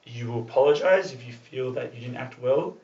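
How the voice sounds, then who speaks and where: A man's voice: mid-range voice, a little fast, a little mellow. A man talks casually to a small group, in a loose, chatty way full of fillers. He sits far from the mic in an echoey room, and the recording sounds dull. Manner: loose and chatty, with many fillers and the odd swear. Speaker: club talk presenter.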